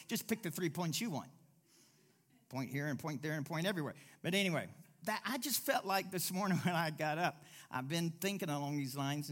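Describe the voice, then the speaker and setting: A male pastor delivering a lively sermon in a high, bright voice. He drops into low, quiet asides, then bursts into loud declarations. When he quotes people, he slips into whiny, mocking voices. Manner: animated, swings between low asides and loud exclamations.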